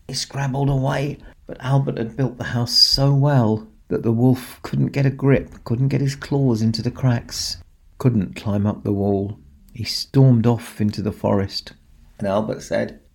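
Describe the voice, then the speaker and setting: Slow, gravelly storyteller man. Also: on the low side. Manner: gentle, expressive, dramatic pauses. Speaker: storyteller in a Santa persona. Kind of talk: children's storytelling.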